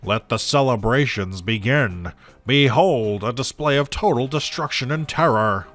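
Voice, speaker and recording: A man reading a vengeful male villain's game lines aloud in a slow, grandiose voice. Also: medium pitch, lively intonation, a bit bright, voice pushed up. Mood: menacing. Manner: slow, dramatic, theatrical delivery.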